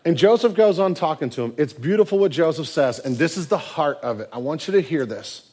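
A man preaching a sermon, telling a Bible story in an animated way and acting out its voices. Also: sits high, normal speed, hardly any pauses, breathy edge. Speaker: pastor.

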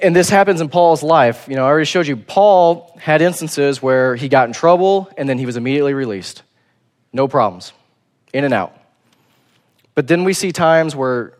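A man preaching a sermon in a casual, conversational way, acting out quotes in a relaxed voice. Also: medium pitch.

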